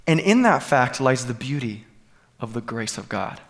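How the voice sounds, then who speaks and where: A man's voice: medium pitch, very animated, normal speed, a bit bright. A man preaching a sermon to a congregation, earnest and building to emphatic peaks. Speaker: pastor. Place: church sanctuary.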